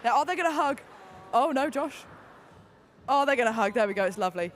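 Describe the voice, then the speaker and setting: A woman doing live sports commentary, excitable and gushing, with lots of fillers and restarts. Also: on the high side, fairly quick. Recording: busy venue noise behind.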